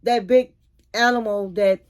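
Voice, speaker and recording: A woman's voice: medium pitch, steady tone, unhurried. A woman casually recapping a reality TV episode, giving blunt, opinionated takes in colloquial speech. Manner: informal, colloquial phrasing. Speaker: YouTube reality TV commentator.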